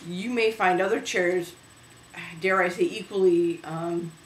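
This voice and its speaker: A woman hosting a casual home video show about thrift finds, talking chattily with many pauses and fillers. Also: fairly low pitch, echoey room, rough recording. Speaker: host. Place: home room.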